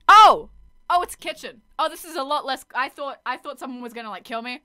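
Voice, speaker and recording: A woman streaming a game, giving casual, excitable, rambling commentary and swearing freely. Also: sits high, a little fast.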